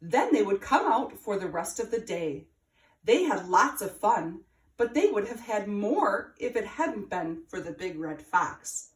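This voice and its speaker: A woman reading a children's story aloud with an expressive, sing-song delivery. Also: mid-range voice, measured pace, far from the mic. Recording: roomy, from afar.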